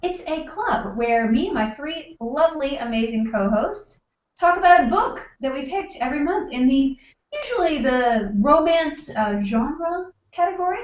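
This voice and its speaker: A woman hosts a book club over a video call from her home desk, chatty and teasing in a casual conversation. Her high-pitched voice is expressive at normal speed, captured on a computer mic (the wrong one at first) in echoey, lo-fi webcam audio.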